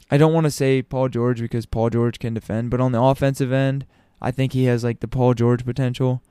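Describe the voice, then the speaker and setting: A man's voice: mid-range voice, dark tone, smooth, no room sound, studio quality. A man talking casually to his audience as a commentator, opinionated, with frequent ums and restarts. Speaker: sports commentator. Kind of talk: casual basketball talk.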